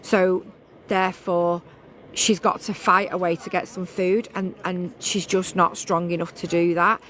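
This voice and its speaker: A woman's voice: fairly low pitch, flat delivery, measured pace, a bit bright. A woman vlogging casually outdoors on a beach, talking in a rambling, chatty way with many restarts.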